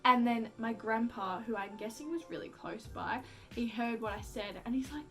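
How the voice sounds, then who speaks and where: A young woman tells a casual, chatty story for her vlog, voicing quotes dramatically, saying "like" constantly and swearing casually. Her voice is on the high side with a moderate pace, over soft background music.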